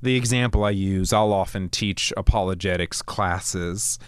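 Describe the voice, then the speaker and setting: A man hosting a Christian talk show, speaking in a conversational, animated way with frequent restarts. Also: deep voice, measured pace, clean tone, dry recording, studio quality. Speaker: podcast host. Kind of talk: casual Christian commentary.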